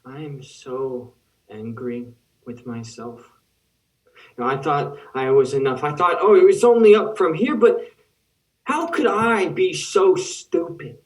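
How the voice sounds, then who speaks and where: A young man acting out a heartbroken young man who turns on the lover who broke him. His voice is high for a man and anguished, and he sounds set back from the mic on a video call. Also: expressive, moderate pace, far from the mic, low-quality recording. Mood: bitter. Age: young adult. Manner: bitter, anguished. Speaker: student actor. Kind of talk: dramatic monologue.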